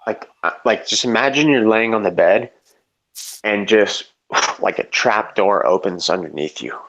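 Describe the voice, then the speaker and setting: A man's voice: lowish voice, unhurried, a bit bright, highs cut off. A man telling a long story in casual chat, rambling and profane, full of "like" and restarts. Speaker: storyteller in a live debate chat.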